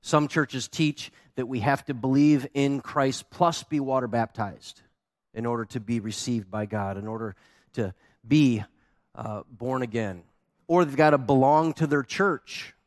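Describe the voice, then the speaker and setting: A man preaching a sermon, telling his stories with animated, acted-out quotes. His voice sits at an ordinary pitch and sounds dry and close, with no room around it. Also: a little slow, no echo. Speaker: pastor.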